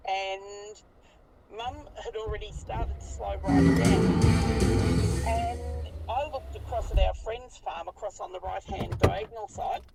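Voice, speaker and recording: A woman in her fifties with an Australian accent, telling a story in an animated, colloquial way and swearing freely. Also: mid-range voice, slow, gravelly, far from the mic, over loud music, poor audio. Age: 50s. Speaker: interviewee recounting a sighting. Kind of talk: casual storytelling interview.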